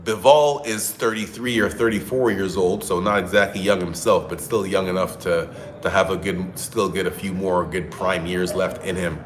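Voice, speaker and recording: A man's voice: sits low, fairly even intonation, moderate pace, slight background noise. A man hosting casual solo boxing commentary, talking in a conversational, opinionated way and thinking aloud. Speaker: boxing commentator, show host.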